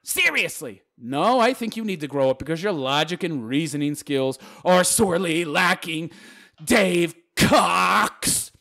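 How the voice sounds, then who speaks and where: Brief: high-voiced male vlogger, sarcastic mocking rant, swings all over in pitch. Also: expressive, a little slow, vocal fry, bright, forceful tone. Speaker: YouTube commentator. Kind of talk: reacting to viewer comments.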